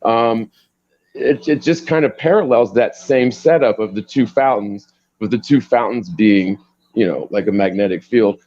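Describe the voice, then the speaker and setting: A man's voice: on the low side, measured pace, a little mellow, muffled recording. A man telling a story in a casual panel discussion, rambling and full of "like" fillers.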